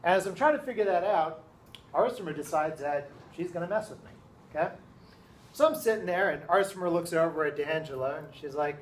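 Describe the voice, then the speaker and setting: A man in his thirties, a teacher telling a lively story to his class, often checking in with his listeners. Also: fairly high pitch, fairly quick, slight background noise, rough recording. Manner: animated, keeps checking in with listeners.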